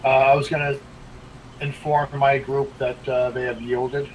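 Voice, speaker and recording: A man's voice: medium pitch, flat delivery, measured pace, dull audio, a little hiss or hum. A man playing a tabletop game, speaking hesitantly and casually. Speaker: player.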